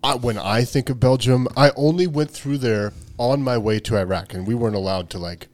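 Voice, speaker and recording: A man hosting a podcast in relaxed, conversational chat, asking questions. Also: mid-range voice, brisk, dry recording. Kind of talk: casual chat.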